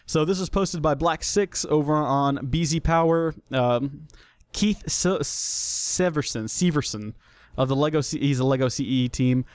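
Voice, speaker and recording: A young man talks through news on his solo podcast in a loose, joking way, often stumbling and restarting. His voice sits a little high. It is recorded close and dry, with no room sound. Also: moderate pace, no room sound. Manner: chatty, jokey, self-deprecating, with many restarts. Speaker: podcast host. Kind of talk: casual solo podcast talk.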